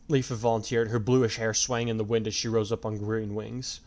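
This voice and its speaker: A man's voice: on the low side, steady tone, fast, few pauses. A man reading a fan fiction story aloud as narrator in a plain storytelling voice.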